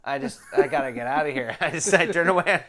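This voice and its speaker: A man's voice: a little high, fast, bright, forceful tone. Wry man telling a rambling story. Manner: wry, self-deprecating storyteller. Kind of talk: casual chat.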